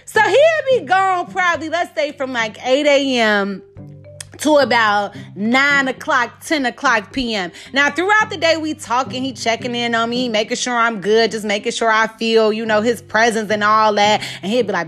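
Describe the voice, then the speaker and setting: A woman with a high voice tells a storytime tale, animated and profane. Her voice jumps around as she talks, and she keeps asking whether you follow. Faint music plays behind her. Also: moderate pace. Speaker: vlogger telling a dating story. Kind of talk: casual storytime.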